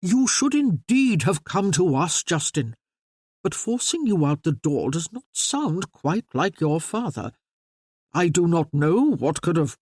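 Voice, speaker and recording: A reader voicing a mild, reflective older gentleman. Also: mid-range voice, big pitch swings, a little slow, breathy edge, no echo, studio quality.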